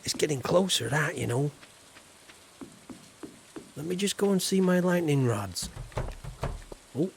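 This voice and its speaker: A man from Yorkshire, England, who has a southern English accent, chats playfully and directly to his viewers while live-streaming a farming game. His fairly high, expressive voice is measured and creaky, with long pauses, plus a little hiss or hum on the recording.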